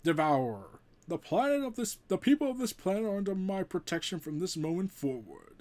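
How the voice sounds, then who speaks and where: A man's voice: high-pitched, very animated, a little fast, a little mellow. A man voicing a proud male thunder god king who makes grand, archaic declarations, read from a comic. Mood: defiant.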